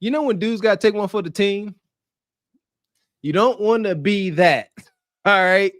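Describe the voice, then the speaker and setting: Man, high voice, laughing podcast co-host, mocking commentary, dry close mic. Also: a little slow, no room sound. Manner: animated, laughing, playfully mocking. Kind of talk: casual reaction commentary.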